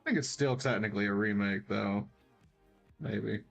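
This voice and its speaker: A man co-hosting a gaming podcast in casual chat, easygoing, often answering with quick short replies. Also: fairly low pitch, creaky, soft background music. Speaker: podcast co-host.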